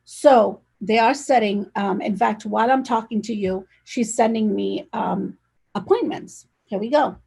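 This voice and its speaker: A woman's voice: mid-range voice, normal speed, gravelly, a little mellow, slightly rough. A woman speaking energetically and directly as an interview guest, talking over a video call. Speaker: real estate agent, guest. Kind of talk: casual conversational interview.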